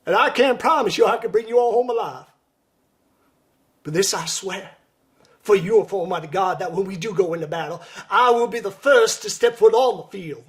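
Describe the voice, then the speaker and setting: A man playing a male army commander in a Deep South accent, giving a loud, stirring, solemn speech to his troops. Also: brisk, natural voice. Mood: rousing.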